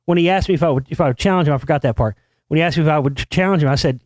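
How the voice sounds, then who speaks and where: A show host rattles off a crude, bragging party tale very fast, cursing heavily with a swaggering attitude. He impersonates the people in it, shouting their lines in sudden loud, high bursts. It's a profane storytelling monologue on clean studio audio with no room sound.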